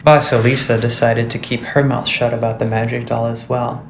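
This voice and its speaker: A man narrating a fairy tale storybook in a steady, measured way. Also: mid-range voice, creaky, reverberant, slight background noise, poor audio. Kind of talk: storybook reading.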